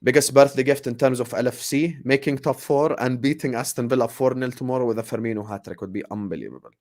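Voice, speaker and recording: A man in his late twenties, a football channel host, doing a casual live Q&A with viewers. He talks in an animated way and often repeats his phrases. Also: medium pitch, fast talker. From grew up partly in the UAE. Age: 20s.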